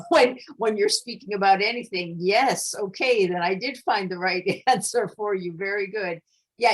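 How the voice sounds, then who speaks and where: A woman's voice: mid-range voice, breathy edge, rough recording. A middle-aged woman moderating an online panel over a video call, chatty and friendly, laughing between remarks. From United States. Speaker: forum moderator.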